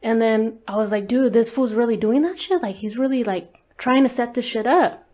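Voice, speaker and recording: A woman's voice: fairly high pitch, normal speed, dark tone. A woman speaking as an interview guest, telling a personal story in a casual, candid way, swearing often and leaning on fillers. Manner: candid, profane, lots of fillers.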